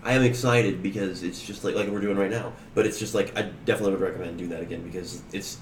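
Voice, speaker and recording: Rambling low-voiced man, echoey room. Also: fairly even intonation, quick pace, very noisy. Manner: rambling, full of "like" and "you know what I mean". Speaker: podcast co-host. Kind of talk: casual chat.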